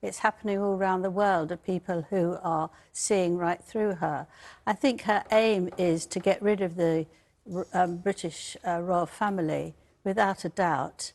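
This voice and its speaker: A woman's voice: lowish voice, steady tone, measured pace, a little mellow. A woman royal commentator and biographer speaking firmly and emphatically in a TV panel debate. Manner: firm, emphatic.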